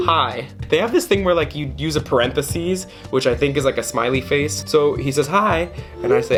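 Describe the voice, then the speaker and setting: A man telling a dating story to camera in a playful, dramatic way, jumping into high voices for quoted lines. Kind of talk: animated storytime monologue.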